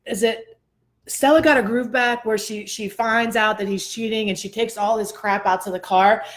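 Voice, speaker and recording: A woman host telling a personal story in a casual chat, animated and expressive, often laughing. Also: a little high, normal speed.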